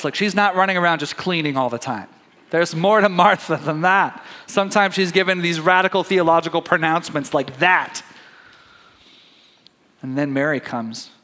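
A man's voice: on the high side, fairly bright tone, in a large hall. A man preaching a sermon, reading scripture aloud and talking it through conversationally with his congregation. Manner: conversational, addresses congregation as "guys". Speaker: pastor.

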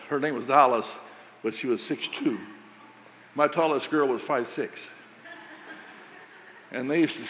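A man preaching a sermon, telling a folksy story about coaching and quoting himself with animated emphasis. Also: mid-range voice, big-room sound, a little hiss or hum.

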